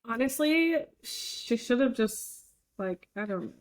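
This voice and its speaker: A young woman co-hosting a podcast in casual chat, blunt and quick to swear, often chiming in with agreeing fillers. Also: a little high, animated. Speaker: podcast co-host.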